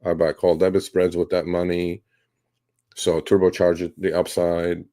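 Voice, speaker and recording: A man's voice sits very low, with a dark, mellow tone. He talks in a blunt, rambling way, restarting sentences and swearing as he answers viewers in a casual live stream. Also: completely flat delivery, normal speed. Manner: blunt, rambling, profane, mocks reckless traders. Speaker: host answering viewer questions on trading.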